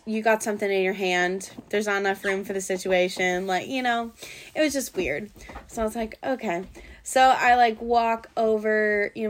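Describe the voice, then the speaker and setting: A faint hiss or hum sits under this mid-range female voice. The speaker, a young Pacific Northwest woman appearing as a podcast guest, tells the host about a bad date in a casual, rambling manner thick with fillers and swearing.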